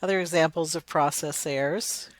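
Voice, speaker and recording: A woman's voice: deep voice, steady tone, dry recording. Woman lecturing, dry close sound. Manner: explanatory, demonstrates sounds by saying words slowly. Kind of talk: recorded lecture.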